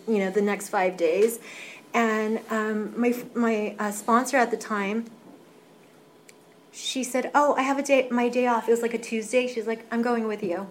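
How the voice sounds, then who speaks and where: A young woman in recovery, candidly sharing her story at a meeting, animated, with many fillers and some swearing. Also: mid-range voice, slight background noise. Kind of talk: casual personal sharing.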